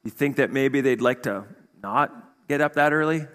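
A male pastor giving a conversational sermon, full of rhetorical questions and quick asides. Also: mid-range voice, fairly bright tone. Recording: long hall reverb.

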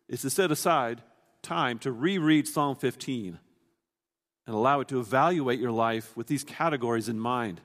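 In a large hall, a man with a medium-pitched voice preaches a sermon. He explains a scripture passage earnestly, like a teacher, often restarting his sentences.

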